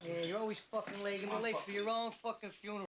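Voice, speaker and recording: An actor playing a hotheaded young gangster who swears and makes mocking threats in film dialogue. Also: male voice, high voice, fairly even intonation, racing, noisy background, close to an everyday voice.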